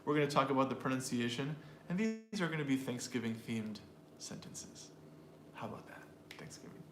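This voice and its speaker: A man's voice: mid-range voice, lively intonation, moderate pace, roomy sound, music in the background. A man teaching an English pronunciation lesson to a live audience, explaining and drilling sentences aloud in an upbeat way.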